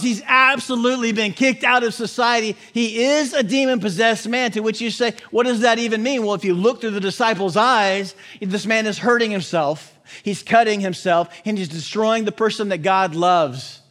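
High-pitched guy pastor preaching, animated, cracks puns. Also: normal speed, few pauses. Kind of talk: sermon.

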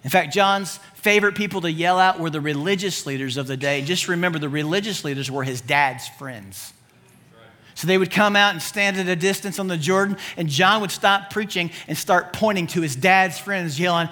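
A man preaching a sermon with humor, swinging between loud emphasis and low asides. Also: moderate pace. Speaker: pastor.

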